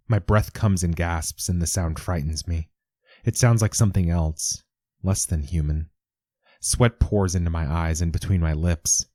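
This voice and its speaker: A man narrating a first-person story in a measured, intense way. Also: sits low, dark tone, no room sound, studio quality.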